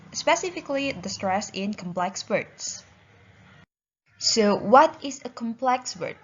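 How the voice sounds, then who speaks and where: Young woman, Indonesian accent, careful student presenter, muffled low-fi sound. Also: a little hiss or hum. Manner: careful, spells out word parts. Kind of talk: reading a class presentation.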